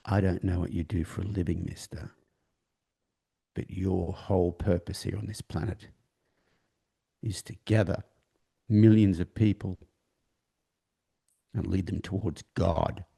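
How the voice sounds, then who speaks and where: A polite young gospel singer pleads his case in a soft, earnest voice, as a man quotes him in a story. The tone sits low and dark with a gravelly edge. He sounds apologetic and sincere. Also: fairly even intonation, measured pace, long pauses, full character voice. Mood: solemn.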